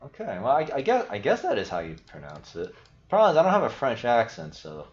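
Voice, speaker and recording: A man's voice: medium pitch, wildly swooping pitch, fairly quick. A man hosting a casual livestream, thinking aloud in a rambling, self-interrupting way and swearing casually. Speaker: livestream host. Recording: echoey, dull lo-fi stream audio.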